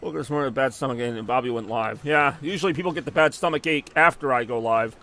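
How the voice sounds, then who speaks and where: A fast-talking man with a mid-range voice and sharp tone streams himself playing car soccer live. Between plays he answers chat, rambling and joking casually with his viewers.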